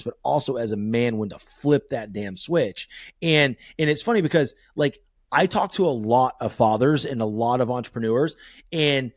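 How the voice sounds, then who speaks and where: Man, podcast host, mid-pitched voice, candid, animated storyteller, swears freely, dry close recording. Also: dry recording. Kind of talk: casual podcast conversation.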